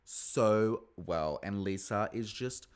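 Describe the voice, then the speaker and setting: A man giving a casual, gossipy recap of a reality TV episode, swearing freely and mimicking the cast in a high voice. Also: takes it slowly, clean tone.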